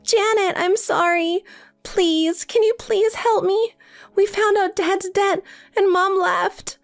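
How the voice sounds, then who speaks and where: A woman's voice: extremely high pitch, animated, moderate pace. A synthetic woman's voice playing a desperate, pleading married older sister in a text story, with faint music behind. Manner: pleading, insistent.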